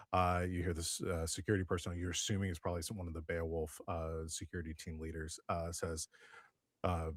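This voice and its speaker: A man's voice: sits low, flat delivery, moderate pace, dry recording, clean studio sound. A man narrating a tabletop role-playing game as game master, rambling with many fillers and restarts.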